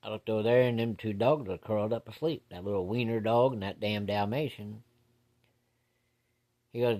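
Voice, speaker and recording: A man's voice: on the low side, normal speed, pauses often, dark tone. A man telling a personal ghost story from his childhood in a folksy, plain-spoken way with casual swearing.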